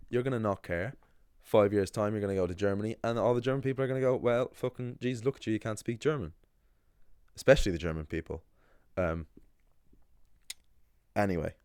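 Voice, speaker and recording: Young guy, deep voice, chatty rambly monologue, dry close sound. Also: a little mellow, no room sound. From Ireland. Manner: rambling, conversational, many fillers and restarts. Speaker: language channel host. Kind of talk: casual talking-head monologue.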